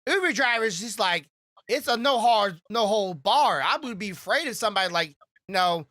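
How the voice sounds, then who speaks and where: A woman co-host on a casual podcast, her bright voice sounding close and dry. She asks curious questions that wander as she works them out. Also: medium pitch, animated, moderate pace, no room sound.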